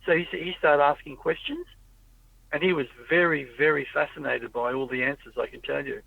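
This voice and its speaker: A man's voice: a little high, fairly even intonation, fairly quick, creaky, no room sound. Man rambling, tinny storyteller. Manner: rambling storyteller, acts out quoted people. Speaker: podcast host. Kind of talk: casual chat. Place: in a car. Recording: tinny phone-like audio, dry.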